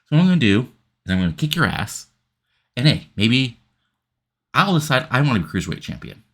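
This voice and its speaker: A man's voice: mid-range voice, very animated, fairly quick, a bit bright, husky, pitched above the performer's own voice, heavily acted. A man voicing a cocky young male wrestler taunting his rival in a sim-game playthrough.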